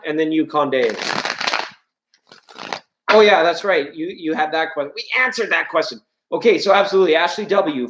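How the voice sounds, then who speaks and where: A man hosting a live tarot reading, talking to his chat in a rambling, playful, jokey way. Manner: rambling, playful, jokey, shifting pitch and loudness. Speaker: tarot reader and livestream host. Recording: echoey room.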